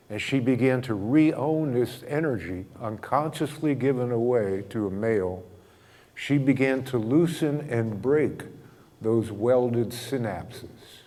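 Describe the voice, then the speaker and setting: A man giving a spiritual talk, telling stories in a gentle, humorous way and chuckling often. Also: medium pitch. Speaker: spiritual teacher. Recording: long hall reverb.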